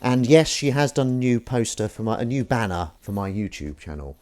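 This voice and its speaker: A young livestream host chats casually while washing up, reading viewers' messages aloud and poking fun at himself. His mid-range voice is sing-song, brisk, and a little mellow, with a slight hiss or hum.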